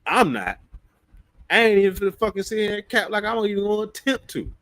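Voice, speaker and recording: A man's voice: high voice, very animated, fast, fairly bright tone, no room sound. A man ranting bluntly on his livestream, profane and emphatic.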